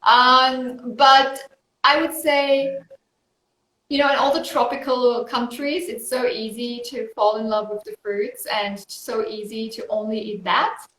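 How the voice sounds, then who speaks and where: A woman from Austria talks in an easy, unhurried way over a video call, laughing often between thoughts. Her voice sits fairly high, and the sound carries a roomy echo. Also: flat delivery, sharp tone. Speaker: guest. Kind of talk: casual interview chat.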